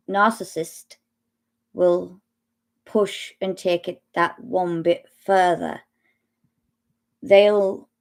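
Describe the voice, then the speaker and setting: A middle-aged woman speaking slowly and haltingly about her own experience, pausing often and restarting her sentences. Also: on the low side. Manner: slow, halting, with long pauses and restarts. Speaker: speaker sharing personal experience. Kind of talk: personal testimony talk.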